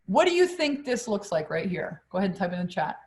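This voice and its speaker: A middle-aged woman coach talks to her live-stream audience. She tells a story in an animated, blunt way. She swears freely and her voice sits at a middle pitch. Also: fast talker. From Quebec, Canada.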